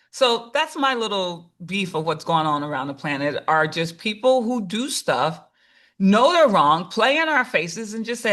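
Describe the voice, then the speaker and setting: A woman in her fifties hosting a podcast, chatting casually and telling animated stories with quoted voices. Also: mid-range voice, moderate pace. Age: 50s. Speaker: podcast host. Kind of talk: casual chat.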